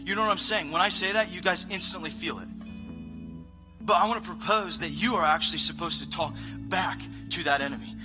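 Man preaching casually over soft band music. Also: sits high, brisk, poor audio. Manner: casual, rambling with many "like"s, self-deprecating. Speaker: pastor. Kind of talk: conversational sermon. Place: church stage. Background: live worship band playing softly.

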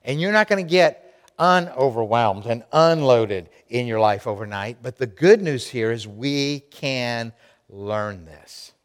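A man's voice: mid-range voice, animated, measured pace, in a large hall. A man preaching a sermon to his congregation, emphatic and direct, repeating key lines for effect. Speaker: pastor.

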